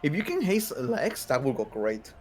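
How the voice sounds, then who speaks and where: A man playing a tabletop game, thinking aloud in halting, restarting sentences as he plans. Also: fairly high pitch, sing-song. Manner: halting, restarts while planning. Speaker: player. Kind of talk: casual game table chat.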